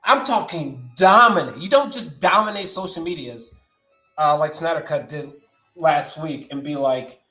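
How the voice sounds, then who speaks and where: A young man with a bright, lively voice rants about films on a live stream, swearing freely and dropping slang. His pitch jumps way up whenever he gets fired up. The room is echoey, with faint music underneath. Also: unhurried. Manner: excitable, profane, slangy, voice jumping high when worked up. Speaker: movie news host. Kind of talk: animated live-stream rant.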